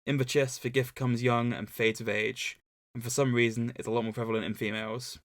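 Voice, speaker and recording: A man co-hosting a relaxed book-club podcast, walking through a story's events in a steady, mid-pitched voice. He drops in deadpan jokes between recap points. The sound is dry and close, with no room echo. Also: brisk. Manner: dry joking asides between plot recaps. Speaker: podcast co-host. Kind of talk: casual book-club podcast, summarizing a novel.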